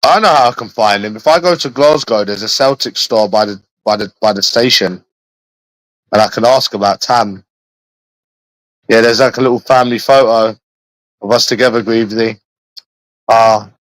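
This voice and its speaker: A man's voice: fairly low pitch, normal speed, pauses often, a bit bright, dry recording, low-quality recording. A man from London with an English accent, chatting casually on a livestream, swearing constantly and addressing viewers by name. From London, England. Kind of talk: rambling casual livestream chat.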